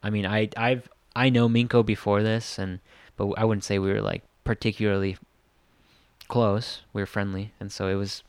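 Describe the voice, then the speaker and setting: A man co-hosting a podcast in relaxed casual chat, full of fillers and laughing along. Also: fairly low pitch, moderate pace, clear, resonant tone, no room sound. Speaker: podcast co-host.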